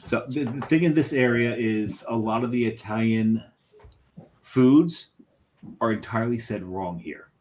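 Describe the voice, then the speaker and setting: A man's voice: mid-range voice, measured pace, a little mellow. A man co-hosting a podcast in casual chat, teasing and joking with his co-host.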